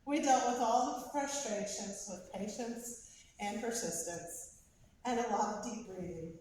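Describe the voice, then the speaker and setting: Distant echoey woman telling a family story. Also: fairly high pitch. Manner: measured, with slow emphatic pauses, rising into lively excitement at the climax. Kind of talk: prepared personal storytelling speech. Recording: very echoey, distant, faint background noise.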